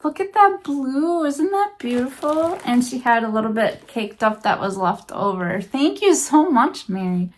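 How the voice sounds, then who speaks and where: Slow, soft-spoken gushing woman vlogger. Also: high-pitched, expressive. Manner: gushing, emotional, repeats praise. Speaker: crochet vlogger. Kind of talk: unboxing vlog, casual chat to camera.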